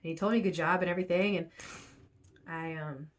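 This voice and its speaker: A woman with a somewhat low voice talks to her camera in a loose, rambling vlog. She repeats her phrases over and over, giving herself a pep talk. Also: steady tone, fairly quick. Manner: repetitive, self-encouraging, rambling. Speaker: vlogger.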